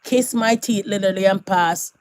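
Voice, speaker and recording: A woman's voice: medium pitch, moderate pace. A woman giving sassy celebrity gossip commentary as a vlogger, laughing often between her remarks.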